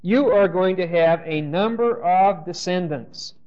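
High-voiced man teaching a Bible class. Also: a little slow, darkish tone, highs cut off. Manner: checks in with the class, asking questions and saying "okay?"; reads scripture aloud and explains it.

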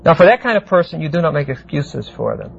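A man teaching a verse-by-verse Bible class, explaining Greek words deliberately and often asking the class "see?". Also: on the high side, very animated, vocal fry. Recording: muffled lo-fi classroom tape with faint hiss.

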